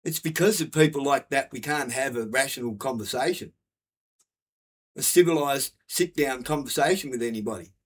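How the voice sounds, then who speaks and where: A man's voice: medium pitch, moderate pace, husky. A man giving a blunt, profane, repetitive rant to camera. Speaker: vlogger.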